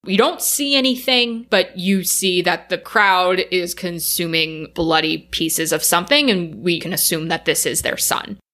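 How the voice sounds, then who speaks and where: A woman with a bright, forceful voice pitched a little low, talking through a movie's plot in a loose, animated way. She leans on filler words and keeps the story moving. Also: unhurried, hardly any pauses. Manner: animated retelling, frequent "like" fillers. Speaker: podcast co-host. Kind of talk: casual film recap chat.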